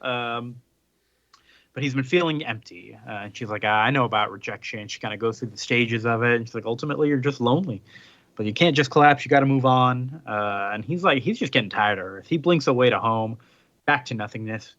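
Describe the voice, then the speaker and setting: A man's voice: mid-range voice, brisk, a bit bright, no room sound, lo-fi sound. A man co-hosting a casual podcast, animatedly recapping a comic book story and switching voices for the characters. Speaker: podcast co-host.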